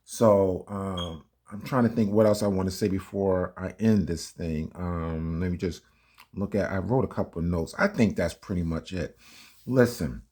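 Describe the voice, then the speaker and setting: A man hosting a commentary channel's reaction video has a low, warm voice at a normal speed. He talks casually, pushes his arguments emphatically between clips, and fumbles with playback.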